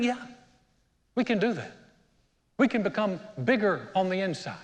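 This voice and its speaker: A man preaching in a church hall, his voice sitting a bit high for a man. The sound carries a long reverb from the big room. He tells the story in a conversational way and acts out the lines as he goes. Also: animated, a little fast, long pauses. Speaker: senior pastor. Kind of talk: sermon. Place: church auditorium.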